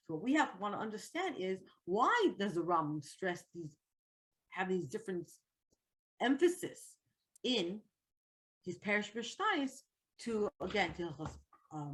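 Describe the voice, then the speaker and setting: A woman teaching an online Torah class, reading Hebrew text and translating it line by line into English. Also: medium pitch.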